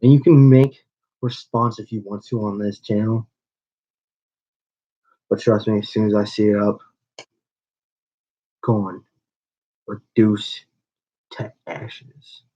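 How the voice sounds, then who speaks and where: A man's voice: fairly low pitch, flat delivery, takes it slowly, pauses often, mellow. A man who owns a small wrestling channel, delivering a confrontational, rambling call-out to a rival with frequent restarts. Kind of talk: call-out video rant. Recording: dull lo-fi recording.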